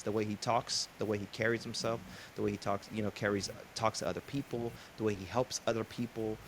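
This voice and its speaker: A man's voice: fairly low pitch, fairly bright tone, a little hiss or hum. A middle-aged man hosting a podcast interview, talking in an earnest, casual way with fillers, and telling stories. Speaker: podcast host.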